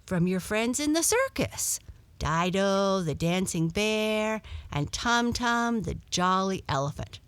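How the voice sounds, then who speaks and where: A woman's voice: medium pitch, animated, slow, clear, resonant tone, dry recording, voice pushed up. A woman voicing a small, timid female cat who is tired and hungry, speaking in a pleading, earnest way. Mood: eager.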